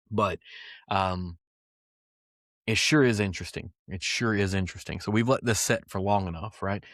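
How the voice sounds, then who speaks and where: Male podcast host, lowish voice, dry close mic, easygoing rambling chat. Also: dry recording. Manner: loose, rambling, full of fillers and asides. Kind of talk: casual whiskey podcast chat.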